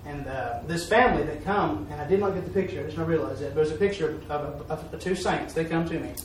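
A man's voice: a little high, fast talker. A man, a preacher giving a folksy, repetitive testimony. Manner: folksy, repetitive, with "I'm telling you". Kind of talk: testimony during a church talk. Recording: echoey room, mic far off, faint noise.

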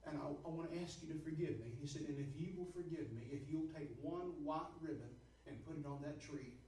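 A man preaching a sermon as storytelling, soft and drawn out, building to shouted repetition. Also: on the high side, fairly quick, slight background noise. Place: church sanctuary. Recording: echoey hall from far off.

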